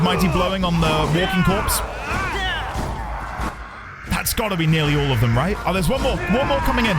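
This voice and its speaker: A man streaming live gameplay, talking excitedly and shouting at the action. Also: high-pitched. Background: loud game music.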